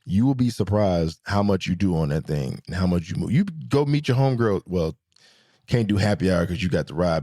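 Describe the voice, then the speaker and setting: A young adult man telling stories in a casual vlog, joking and profane, jumping between high squeals and low mutters. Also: a little fast. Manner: animated, swings from high squeals to low mutters for comic effect. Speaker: vlogger. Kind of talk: casual storytelling monologue.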